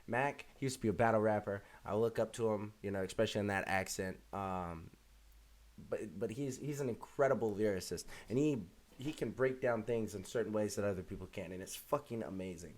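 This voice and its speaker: Low-voiced man rambling through a reaction. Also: fairly quick, darkish tone. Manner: rambling, many fillers and restarts. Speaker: reaction video host. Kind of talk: casual reaction commentary.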